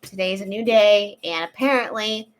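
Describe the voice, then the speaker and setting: A woman playing a tabletop game, describing her character's actions in a relaxed way with fillers. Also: mid-range voice, normal speed. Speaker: player. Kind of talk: casual tabletop play.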